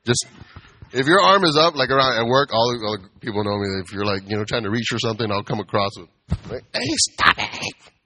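A man preaching in a relaxed, chatty way, with a bright, forceful tone. He jokes along and slips into little quoted voices to make his points. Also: on the low side, fast talker. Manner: conversational, playful, acts out quoted voices. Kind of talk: casual sermon.

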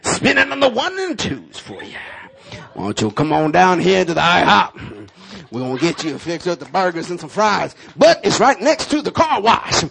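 A hyped, smooth-talking late-night radio DJ, as a preacher puts him on, stretching his words into a booming announcer drawl. The voice sits high and loud, calling listeners in with easy swagger. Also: wildly swooping pitch, moderate pace, full character voice. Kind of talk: sermon.

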